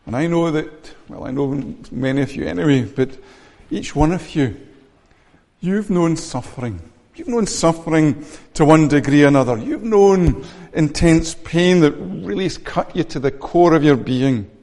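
A man delivers a sermon in a slightly high voice, earnest and measured, often doubling back on his words. His voice rings out with a long reverb in a church hall. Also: animated, vocal fry, darkish tone. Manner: earnest, measured preaching with frequent repeated words. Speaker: pastor.

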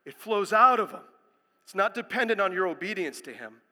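Emphatic high-voiced preacher in a reverberant hall. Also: male voice, animated, normal speed. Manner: emphatic preaching, builds to loud proclamations. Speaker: pastor. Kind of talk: sermon.

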